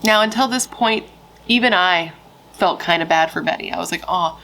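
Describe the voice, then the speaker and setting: A woman's voice: fairly low pitch, moderate pace, creaky, bright, forceful tone, rough recording. A woman telling a true crime story in a casual, frank, chatty way, swearing freely and using lots of fillers.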